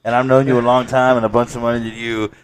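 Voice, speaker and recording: A man's voice: mid-range voice, flat delivery, fast talker, slight background noise, low-quality recording. A man co-hosting a podcast, cutting in with teasing wisecracks. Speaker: podcast co-host. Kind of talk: casual banter.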